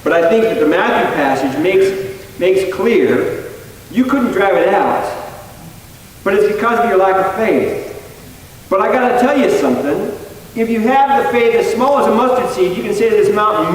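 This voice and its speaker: Guy preaching a sermon, pretty high voice, earnest and chatty, big echoey church heard from far off. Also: animated, moderate pace. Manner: earnest, conversational, with frequent restarts. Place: church sanctuary.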